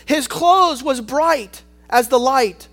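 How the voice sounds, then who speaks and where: Man, very high voice, preaching, shouts then hushes, rhetorical, calls for amen. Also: slow pace, soft background music. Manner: swings between shouting and hushed asides. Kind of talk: sermon.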